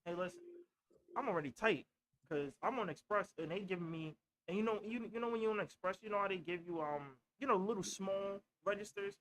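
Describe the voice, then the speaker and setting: A man's voice: sits high, fairly quick, a bit bright, poor audio. A young man co-hosting a podcast, telling a story in loose casual chat and acting out what people said. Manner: loose storytelling, acts out quotes. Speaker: podcast co-host.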